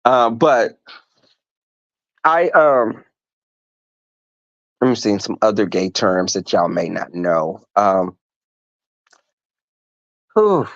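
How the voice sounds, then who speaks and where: A man hosting a livestream, telling stories to his viewers in an animated, profane way and acting out the voices in them. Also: on the low side, very slow, long pauses, no echo, dull audio. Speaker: livestream host reading chat. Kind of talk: casual storytelling to viewers.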